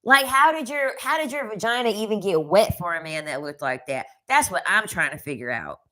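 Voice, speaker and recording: This is a woman delivering a casual commentary rant. She talks in a sassy, emphatic way and often repeats a line for punch. Her voice is bright and forceful. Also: mid-range voice, animated, a little fast, low-quality recording. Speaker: commentary vlogger.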